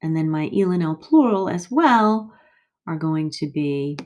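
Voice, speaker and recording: Slow, low-voiced woman teaching French. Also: lively intonation, a little mellow. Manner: slow, careful modeling of pronunciation. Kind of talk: screen-share language lesson.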